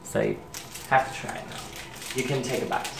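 A man from Germany with a German accent, explaining candy in halting English as he searches for words. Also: mid-range voice, huge pitch swings. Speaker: guest. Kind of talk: casual chat, explaining candy. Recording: echoey room, far from mic, clear noise.

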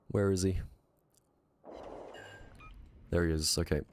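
A man streaming a naval battle game live, muttering quick reactive commentary to himself with a strained voice. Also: low-pitched, little pitch movement, a little hiss or hum.

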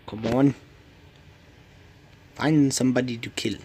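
A man's voice: medium pitch, steady tone, unhurried, darkish tone, slightly rough. A man giving solo gameplay commentary, talking to himself in a pleading, playful way. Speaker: gamer.

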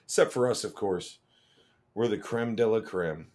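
A man's voice: on the low side, moderate pace, darkish tone, natural voice. A man voicing a rowdy male forest ranger with a put-on Southern accent, reading letters aloud in a drawl. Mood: joking.

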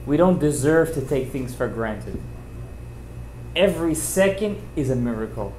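A man, a rabbi giving an informal sermon, telling stories with emphatic, animated delivery and sprinkling in Hebrew and Yiddish terms. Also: medium pitch, a little slow, slight background noise. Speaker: rabbi giving a Torah class. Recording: roomy echoey room.

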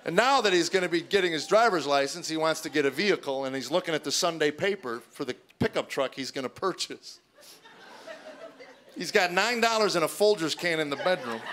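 A man's voice: a little high, animated, fairly quick, fairly bright tone. A middle-aged man performing a stand-up comedy routine on stage before a live audience, telling stories and acting out other people's voices. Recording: noisy live recording with audience laughter.

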